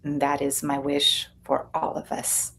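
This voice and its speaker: A woman guest on a radio interview, with a low voice and a slow, earnest delivery. She speaks in a heartfelt way. A faint noise sits under her voice. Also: monotone, vocal fry, fairly bright tone. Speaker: guest author.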